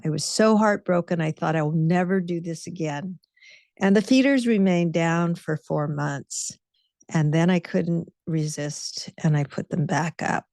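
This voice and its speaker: A woman's voice: on the low side, unhurried, darkish tone, no echo, clean studio sound. A woman giving a guest talk with slides, telling stories in a conversational, reflective way. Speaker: guest speaker, author.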